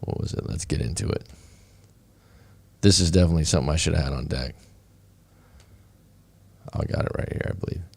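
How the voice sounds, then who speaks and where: A man's voice: deep voice, creaky, mellow, no echo. A man coaching on a casual live stream, talking in a rambling, conversational way with many fillers and restarts. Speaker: breakup coach.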